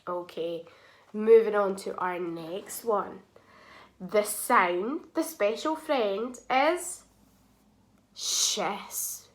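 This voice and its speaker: A woman with a medium-pitched voice teaches young children phonics, sounding out words slowly and clearly and praising them often.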